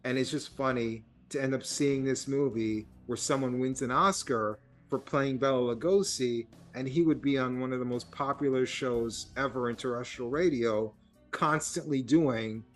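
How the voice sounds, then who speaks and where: Male podcast host, mid-pitched, chatty and rambling, self-mocking. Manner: rambling, animated storytelling with self-mocking laughs. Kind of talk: casual film chat.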